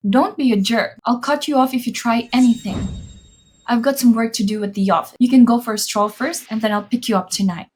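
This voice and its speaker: A woman's voice: fairly high pitch, a little fast, a little mellow, a little hiss or hum, close to an everyday voice. A woman voicing a prickly young rich woman who snaps and scolds, in a dubbed drama. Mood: irritated. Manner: irritated, curt. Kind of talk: fan drama dubbing.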